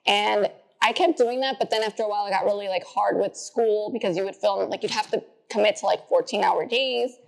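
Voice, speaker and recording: A young woman chats as a podcast guest, telling long stories with lots of "like" in her speech. Her voice sits at a middle pitch and leaps up high whenever she quotes herself or her friends. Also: brisk, gravelly. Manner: chatty, says "like" often, acts out quotes in a high voice. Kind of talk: casual interview storytelling.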